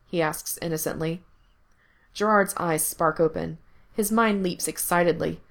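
Low gravelly woman reading a story. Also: moderate pace. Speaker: reader. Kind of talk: reading explicit fan fiction aloud.

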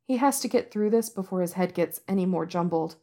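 Woman narrator, low-ish voice, soft and measured audiobook read. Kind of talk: audiobook narration of fan fiction.

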